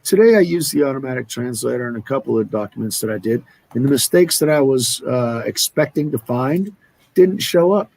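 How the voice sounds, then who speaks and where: A man's voice: medium pitch, animated, a little fast, a little mellow, dry recording. A man co-hosting a loose, joking live-stream chat, who likes to slip into put-on accents. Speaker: co-host. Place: lives by a beach in Brazil.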